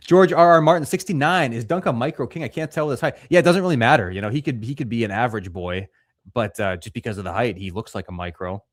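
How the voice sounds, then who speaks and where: A man's voice: medium pitch, fast talker, dry recording, clean studio sound. A young man co-hosting a casual livestream, reading viewer messages aloud and answering with crude jokes. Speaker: livestream co-host reading superchats.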